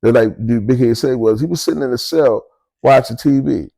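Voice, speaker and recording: A man's voice: mid-range voice, a little fast, gravelly, warm tone, poor audio. An older man with a Baltimore accent telling prison stories in a casual, streetwise, profane way, with chuckles between beats. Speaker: storyteller recounting prison life. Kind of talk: casual storytelling to camera.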